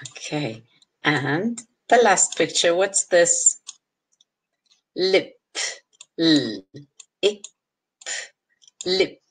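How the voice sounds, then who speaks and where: A kindergarten teacher with a low, husky voice leads young children through a phonics lesson, sounding out letters and words one at a time.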